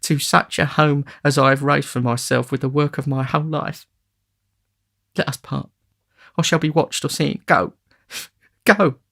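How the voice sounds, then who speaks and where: A man's voice: fairly high pitch, level tone, moderate pace, gravelly, a bit bright, pitched above the performer's own voice. A man voicing a frightened young woman of the streets in an audiobook, pleading and tearful. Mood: anguished.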